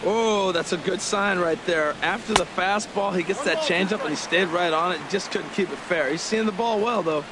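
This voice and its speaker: A man giving color commentary in chatty, upbeat breakdowns of each pitch. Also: moderate pace, hardly any pauses, over a noisy crowd. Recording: game audio with heavy noise.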